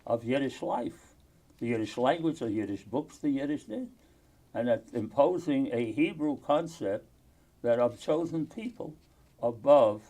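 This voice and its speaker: An older man from the United States speaking in an oral history interview, earnest and halting, with pauses and restarts. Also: mid-range voice, mellow.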